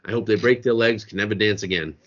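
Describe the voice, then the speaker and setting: A man's voice: fairly low pitch, fast talker, dull audio. A man co-hosting a podcast in casual chat, ranting in a heated, profane way from a restaurant. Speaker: podcast co-host. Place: restaurant in a beach town.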